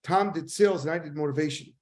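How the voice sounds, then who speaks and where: An older man reminisces in a loose, rambling way, slipping into lively impressions of the people he talks about. His voice sits a little high for a man. He is a sales trainer chatting as a guest. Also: fast talker. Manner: animated, rambling anecdotes with voice impressions. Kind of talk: casual storytelling.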